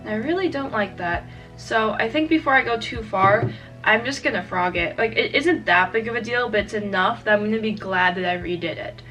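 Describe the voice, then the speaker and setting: A woman's voice: medium pitch, a little fast, pushed and bright, far from the mic, soft background music. A young woman with a stuffy cold, chatting casually and rambling as she vlogs her crochet project. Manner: chatty, rambling, self-deprecating. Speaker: crochet vlogger. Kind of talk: casual vlog narration.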